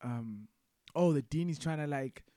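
A man's voice: on the high side, measured pace, dark tone, dry recording, clean studio sound. A man co-hosting a podcast in casual chat, laid-back and rambling, swearing freely. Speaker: podcast co-host.

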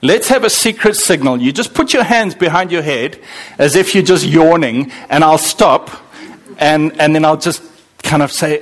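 A man preaching in a church hall with a bright, fairly high voice that swings widely up and down. He talks to the congregation in an easy, conversational way and jokes with them as he goes. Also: moderate pace. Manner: conversational and animated, joking with the congregation. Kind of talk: sermon.

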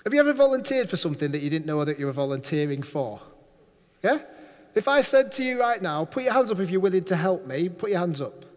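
A man preaching a sermon in a lively, playful way, acting out the voices he quotes. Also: high voice, fast talker. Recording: long hall reverb.

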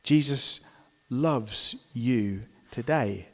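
A male preacher delivering a sermon with strong emphasis, swinging from loud, stressed phrases to soft, hushed ones. His voice sits at a middling pitch, and the long reverb of a church hall trails after every word. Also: drawn-out words.

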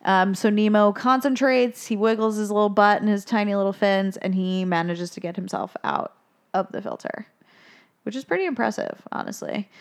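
A woman's voice: mid-range voice, normal speed. Woman, podcast co-host, casual recap, chatty, laughing. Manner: chatty, laughs while retelling scenes. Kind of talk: casual chat recapping a film.

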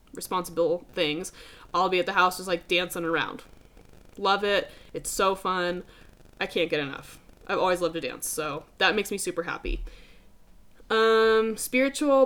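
A woman's voice: on the low side, a bit bright. A young adult woman hosting a podcast, talking casually and emphatically, swearing freely and calling listeners dude. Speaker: podcast host. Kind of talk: casual motivational podcast talk.

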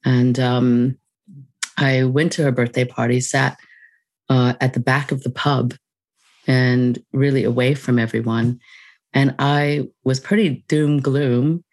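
A woman guest on a podcast, telling a personal story in a reflective, unhurried way with soft laughs. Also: extremely low pitch, fairly even intonation, no room sound.

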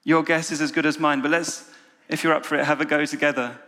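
A man's voice: a little high, little pitch movement, fast talker, bright, forceful tone. Man preaching in a reverberant hall. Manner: storytelling, inviting the audience. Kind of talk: sermon with guided imagination. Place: church meeting room with an audience.

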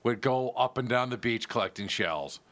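A man in casual chat, recalling family memories in a relaxed way, often pausing with fillers while searching for words. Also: mid-range voice.

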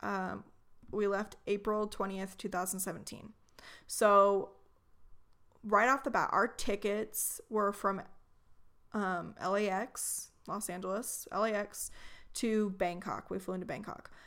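A young woman co-hosting a casual chat, telling travel stories with animated, mock-outraged humor. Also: medium pitch, a little slow. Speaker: podcast co-host.

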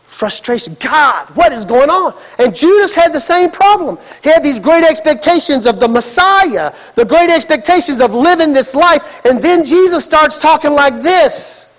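A male pastor preaches dramatically, breaking into sudden emphatic outbursts. His voice sits unusually high for a man. The sermon rings through a large church hall with a long echo. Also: animated, normal speed, hardly any pauses.

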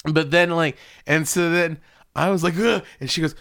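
A man's voice: a little high, little pitch movement, normal speed, a bit bright. A man co-hosting a podcast, telling stories in casual chat, swearing freely and acting out the voices of the people in them. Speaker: podcast co-host.

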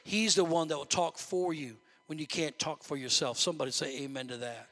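A man preaching in a church sanctuary with a high, bright voice. His delivery is animated and climbs toward near shouts at its peaks. The sound carries the long reverb of a large hall. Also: brisk. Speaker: pastor. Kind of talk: sermon.

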